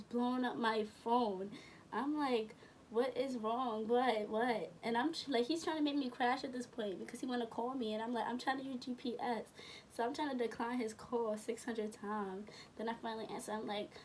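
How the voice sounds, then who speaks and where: A young woman telling a casual storytime, rambling and correcting herself as she goes, full of slang. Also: on the high side. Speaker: vlogger. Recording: from a distance with faint room noise.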